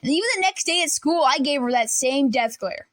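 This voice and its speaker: A young woman tells a personal story in a casual vlog, her voice sitting high and bouncing as she acts out each person in it. The recording is close and dry, with no room sound around her. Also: fairly quick, dry recording. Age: young adult. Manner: animated, acts out classmates and teachers. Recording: dry close room, faint lamp buzz.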